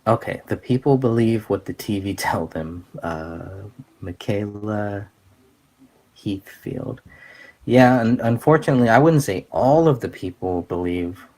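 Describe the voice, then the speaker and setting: A man hosting a casual commentary show, talking in an earnest, halting way with many fillers and restarts. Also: on the low side, lively intonation, a little mellow. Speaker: podcast host.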